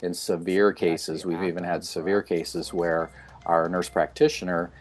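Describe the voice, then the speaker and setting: A man's voice: deep voice, measured pace. A middle-aged man, a chiropractor being interviewed, talking casually and acting out quoted dialogue as he tells stories. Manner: animated storyteller, acts out quoted dialogue. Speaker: chiropractor guest.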